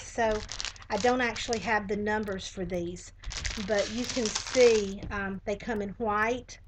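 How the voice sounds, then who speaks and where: A woman's voice: mid-range voice, noisy background. A woman with a Southern US accent, chatting casually through a live craft tutorial with many fillers. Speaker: craft demonstrator.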